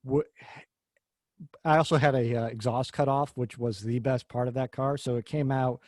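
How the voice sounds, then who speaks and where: A man's voice: medium pitch, steady tone, moderate pace, a little mellow, dry recording. A man hosting a podcast, talking cars in a rambling, jokey way and swearing casually. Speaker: podcast host. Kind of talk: casual car chat.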